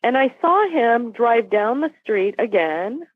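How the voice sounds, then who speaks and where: A woman in her forties, a podcast guest, telling a story with animated quoted voices. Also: a little high, slow pace. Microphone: phone call. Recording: tinny phone line.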